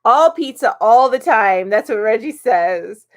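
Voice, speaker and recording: A woman's voice: fairly high pitch, animated, measured pace. A middle-aged woman hosting a casual live-stream chat, reading viewer comments aloud and chatting about them with lots of ums and little laughs.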